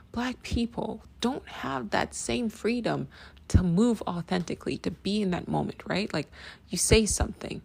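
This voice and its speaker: Blunt, low-voiced woman podcaster with gravelly edges. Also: darkish tone. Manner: emphatic, repeats phrases, asks "right?" often; blunt, swears freely. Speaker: podcast host. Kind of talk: casual opinion monologue.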